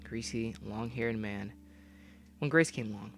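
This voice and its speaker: A young man reading a game story aloud and breaking off into profane, loud comments. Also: on the low side, measured pace, slight background noise. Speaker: gamer reading a visual novel aloud.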